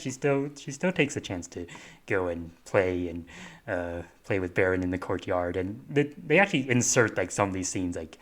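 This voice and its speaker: A young man with a lowish voice talks through a review on a podcast. He stumbles over his words and restarts often, keeping it casual. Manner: halting, many fillers and restarts. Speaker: podcast co-host.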